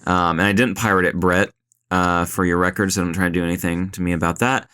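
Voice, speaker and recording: A man's voice: sits low, fairly even intonation, fast, bright, forceful tone, smooth. Blunt, profane man on a podcast. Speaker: podcast co-host. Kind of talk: casual chat.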